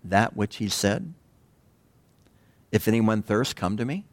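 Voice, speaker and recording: A male pastor preaches in a relaxed, conversational way, often stopping to put rhetorical questions to his listeners. His pitch rises and falls a lot, so the delivery sounds animated. The sound is dry and close, with almost no room echo. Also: takes it slowly. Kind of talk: sermon.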